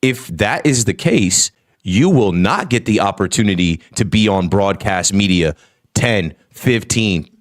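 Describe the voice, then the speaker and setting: A man's voice: on the low side, animated, a little slow, no room sound, studio quality. A man guesting on a podcast as a former radio host, talking in an articulate, emphatic way. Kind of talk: casual podcast chat.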